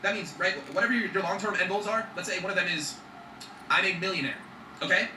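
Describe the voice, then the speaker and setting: A man's voice: sits high, fast talker, reverberant, recorded from a distance, noisy background. A man talking in an emphatic motivational vlog, swearing freely and checking in with his viewers. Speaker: vlogger.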